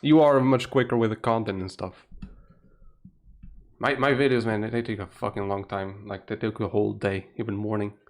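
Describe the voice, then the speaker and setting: Young man, Portuguese accent, late-night live stream, hushed voice, frequent laughs, casual swearing. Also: steady tone, moderate pace. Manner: keeps voice low, laughs often, swears casually. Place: home room at night.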